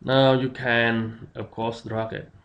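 Slow, halting man teaching a tutorial. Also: medium pitch, little pitch movement, fairly bright tone, dull audio, a little hiss or hum. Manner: slow, halting explanation with many fillers. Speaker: instructor. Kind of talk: screen-recorded software tutorial.

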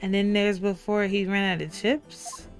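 A woman's voice: mid-range voice, measured pace. A young adult woman streamer giving blunt, exasperated commentary while playing and reading a game aloud. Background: faint game music.

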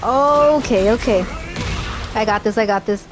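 A woman doing let's play commentary, excitable and cheering herself on, swearing freely, with game music behind. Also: on the high side, unhurried. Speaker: gamer. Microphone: headphones.

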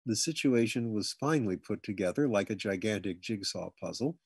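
Reading a comic memoir aloud, this husky-voiced man keeps the narration animated and moves at a normal speed. The recording has no echo. When he quotes relatives, he jumps into loud, high-pitched shouting.

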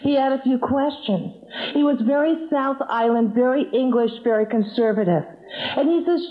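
A woman's voice: high-pitched, moderate pace. A woman preacher telling stories in a sermon, emotional, her voice often breaking as if near tears. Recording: tinny phone-like sound.

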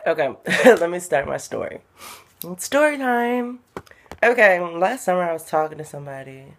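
A woman's voice: fairly low pitch, moderate pace. Giggly young woman vlogging. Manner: chatty, giggly, animated. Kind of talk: casual vlog chat and storytelling. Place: car, partly.

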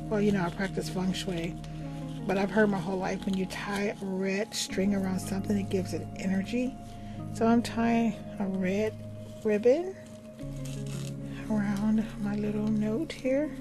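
Older lady chatting thru a craft demo, rambly, mid-pitched, sometimes whispers to herself. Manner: chatty and rambling, self-affirming, drops into soft whispers. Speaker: craft and magic video host. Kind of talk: casual craft tutorial.

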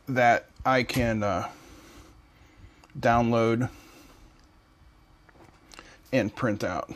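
Casting: relaxed man, unhurried, mid-pitch, joking workshop commentary. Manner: relaxed, joking, thinking aloud. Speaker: electronics hobby channel host. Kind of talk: casual build walkthrough.

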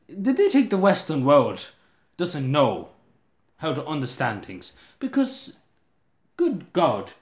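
A man's voice: medium pitch, huge pitch swings, normal speed. Tired Irish man ranting in a roomy room. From Ireland. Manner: restless, restarts often, rising to exasperated outbursts. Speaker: vlogger. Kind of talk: casual vlog rant.

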